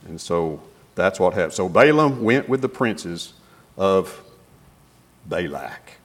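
Animated folksy male preacher. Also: low-pitched, slow. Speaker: pastor. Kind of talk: sermon retelling scripture.

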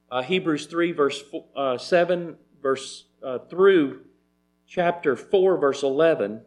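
Man, Bible teacher, methodical lesson, fairly high-pitched, restarts often. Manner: methodical, cites chapter and verse, frequent restarts.

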